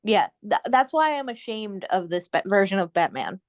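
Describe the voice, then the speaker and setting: A woman co-hosting a casual podcast, retelling a cartoon episode with animated storytelling. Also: mid-range voice, moderate pace, no room sound. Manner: animated storytelling, quoting characters in put-on voices. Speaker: podcast co-host. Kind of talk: casual chat recapping a cartoon.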